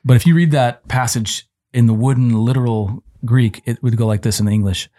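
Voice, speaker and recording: A man's voice: medium pitch, fairly even intonation, a little fast, dark tone, no echo, studio quality. A man co-hosting a Christian parenting podcast, explaining Bible passages in a conversational teaching way, with frequent restarts. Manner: explanatory, quotes scripture, many restarts.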